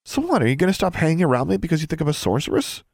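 A man's voice: on the high side, big pitch swings, dry recording, clean studio sound, pitched above the performer's own voice. A man voicing a bold, defiant young witch schoolgirl who answers back sharply. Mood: insistent. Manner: sharp, defiant, quick retorts.

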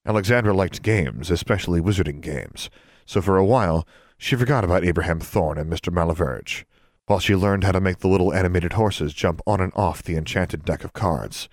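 Deep-voiced man narrating a story. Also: dry recording. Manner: steady, measured reading. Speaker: audiobook narrator. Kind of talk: scripted narration.

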